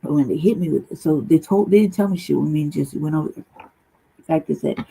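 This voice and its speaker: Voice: mid-range voice, quick pace, gravelly, mellow, slightly rough, poor audio. A channel host telling a long personal story in a casual, profane, rambling monologue full of slang.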